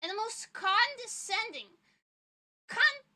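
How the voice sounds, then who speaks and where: A young adult woman streamer telling a story as an animated, indignant rant, swearing freely and repeating lines for emphasis. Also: very high-pitched, slow pace. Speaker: vtuber streamer.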